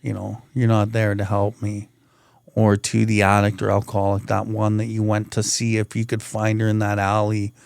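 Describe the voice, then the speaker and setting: A man's voice: on the low side, completely flat delivery, moderate pace, creaky, darkish tone, clean tone, dry recording, clean studio sound. A man hosting a recovery podcast in laid-back casual chat, calling his guest bro. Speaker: podcast host.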